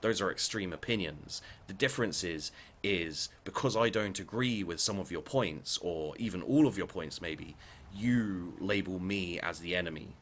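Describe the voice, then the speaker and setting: A deep-voiced man rants into his own vlog with a faint hiss in the background. He is blunt and sweary and circles back over his own phrases as he argues his point. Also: normal speed, fairly bright tone. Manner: blunt, sweary, repetitive restarts. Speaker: vlogger. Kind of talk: heated opinion rant.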